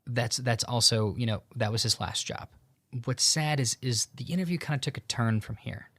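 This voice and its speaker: A man's voice: medium pitch, normal speed, no echo. Easygoing male podcast host telling a story. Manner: relaxed, loose retelling with many fillers and quoted dialogue. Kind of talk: casual storytelling. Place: home in Tucson.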